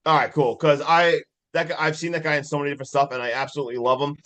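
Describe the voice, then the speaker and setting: A man's voice: a little high, fairly even intonation, rapid-fire, fairly bright tone. A man co-hosting a casual movie review podcast, chiming in and laughing as he retells scenes. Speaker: podcast co-host.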